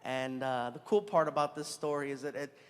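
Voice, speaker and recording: A man doing stand-up, telling a story and acting out the people in it with quick voice changes. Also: medium pitch. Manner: animated, acts out characters with shifting voices. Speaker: stand-up comedian. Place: large live venue with audience laughter. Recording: live hall with crowd noise.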